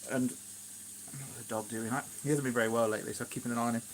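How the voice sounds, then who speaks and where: A man's voice: mid-range voice, fairly even intonation, fast, a little hiss or hum. Rambling chatty Shropshire man. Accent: Shropshire English. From England, Shropshire. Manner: rambling, chatty, many fillers and asides. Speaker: gardening vlogger, live streamer. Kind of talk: casual live-stream chat. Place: at home in his kitchen.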